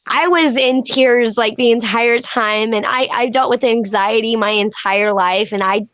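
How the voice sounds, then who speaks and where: A woman pro wrestler, a podcast guest, telling stories in a casual, animated way and acting out quoted dialogue. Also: a little high, measured pace, no room sound. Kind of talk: casual podcast interview storytelling.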